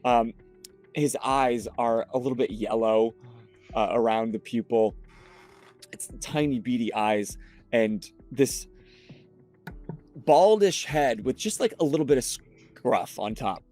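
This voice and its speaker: A man running a tabletop game as game master, narrating scenes with unhurried description. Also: medium pitch, a little mellow, faint music behind.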